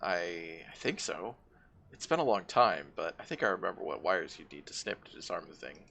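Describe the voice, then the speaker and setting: A man's voice: low voice, expressive, moderate pace, gravelly, full character voice. A man voicing a regretful woman engineer in a video game, reading her lines hesitantly in his own voice. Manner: hesitant, quietly reads the game's dialogue aloud. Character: regretful woman engineer who built a trap.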